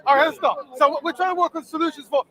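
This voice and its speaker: A man's voice: very high voice, fairly even intonation, racing. A man in a heated live panel debate, defending his point and fighting to get a word in. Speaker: panel guest. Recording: crowd noise behind the voices. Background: crowd noise.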